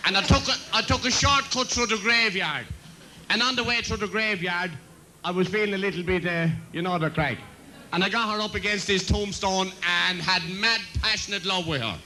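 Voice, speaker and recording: A man's voice: sits high, moderate pace, bright, forceful tone, rough recording. A man doing bawdy stand-up jokes on stage, chuckling at his own punchlines. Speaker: comedian and compere.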